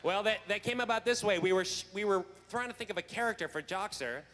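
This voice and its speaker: A guest actor at a fan convention tells a comic backstage story in a high, fairly bright voice at a quick pace, chatty and laughing with many restarts. The large convention hall sounds echoey, with faint noise.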